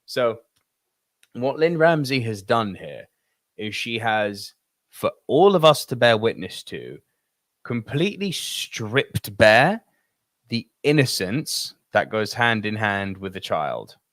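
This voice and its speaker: A man's voice: lowish voice, animated, slow, no room sound, studio quality. A man in his thirties co-hosting a podcast, talking about films in an emphatic, swearing, ranting way. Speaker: podcast co-host. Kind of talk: casual film discussion.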